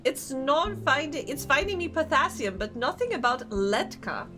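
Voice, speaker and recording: A young woman streaming a game live, chatting casually, excitable and often laughing. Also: sits high, moderate pace, over music.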